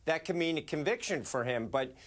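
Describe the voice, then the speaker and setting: A man offers measured, analytical legal commentary as a defense lawyer on a talk show. His voice sits a little high. He walks through the evidence point by point. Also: animated.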